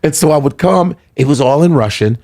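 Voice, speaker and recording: A man, a comedian, telling a comic story on a podcast in an animated, profane manner and acting out voices. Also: fairly high pitch, brisk. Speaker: comedian guest.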